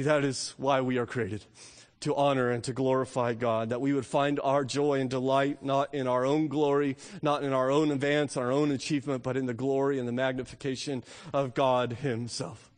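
A man preaching a sermon as a pastor, emphatic and full of rhetorical questions, swinging between loud declarations and quiet, hushed lines. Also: mid-range voice. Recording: long reverb of a large hall.

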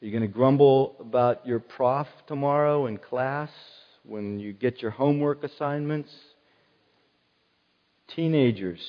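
An earnest middle-aged man preaches in a relaxed, conversational way and keeps circling back to his key phrases. His voice sits a little higher than most men's. The sound is slightly muffled and rings with the long reverb of a large hall. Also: slow. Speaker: pastor. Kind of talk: sermon.

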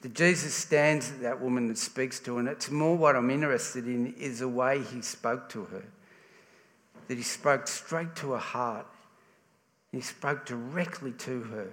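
A man's voice: mid-range voice, fairly bright tone. Australian man preaching in a reverberant hall. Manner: conversational, with frequent restarts. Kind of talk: sermon.

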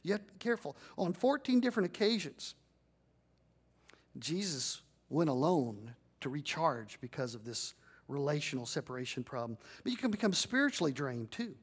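A man with a notably high voice delivers a sermon from the pulpit. He builds his points to emphatic peaks and has the congregation repeat phrases back to him. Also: big pitch swings, moderate pace, husky. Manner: preaching with rising emphatic peaks and call-and-response. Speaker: pastor.

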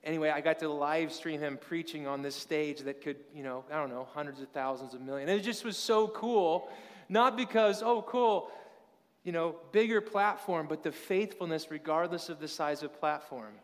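A man's voice: a little high, normal speed, in a large hall. A pastor in his thirties preaching a casual, story-filled sermon full of rhetorical questions.

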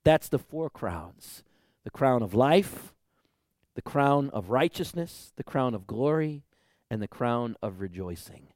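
A man preaching a sermon, repeating phrases rhythmically and building to loud, emphatic exhortation. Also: mid-range voice, expressive, takes it slowly, no echo, studio quality. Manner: repetitive, rhythmic preaching with rhetorical questions. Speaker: pastor.

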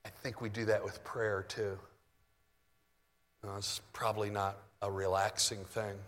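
A man preaching a sermon in a relaxed, conversational way, moving between soft asides and loud bursts. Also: lowish voice, a little slow, in a large hall. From United States. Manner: conversational, shifts from soft asides to mock shouting.

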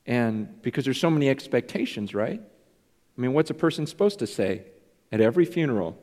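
A man's voice: medium pitch, sing-song, moderate pace, darkish tone. A man preaching a sermon as pastor, earnest and confessional, questioning himself aloud. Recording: long reverb in a large hall.

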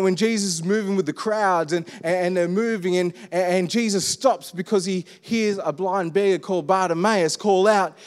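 A middle-aged man preaching a sermon in a relaxed, conversational way, full of rhetorical questions. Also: sits high. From Australia. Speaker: pastor. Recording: long reverb of a church hall.

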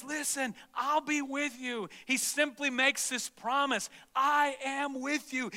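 A middle-aged man preaching a sermon as pastor, animated, swinging between loud exclamations and soft, low asides. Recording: long reverb of a large hall.

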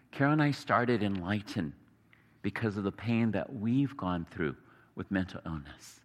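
A man preaching a sermon earnestly, sometimes dropping to a hushed tone. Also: fairly low pitch, animated, normal speed, in a large hall. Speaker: pastor.

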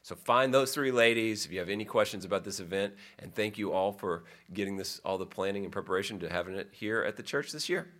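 A man's voice: fairly low pitch, fast, hardly any pauses, a bit bright. A man, a pastor giving church announcements in a folksy, conversational way with asides to the congregation.

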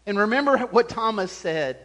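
A man preaching a sermon as pastor, animated, chuckling often and acting out the voices he quotes. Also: sits high, normal speed.

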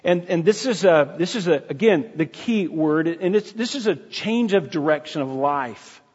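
Man, sermon, earnest, halting restarts, husky voice, muffled lo-fi sound, long hall reverb. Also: a little high, lively intonation, a little mellow. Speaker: preacher.

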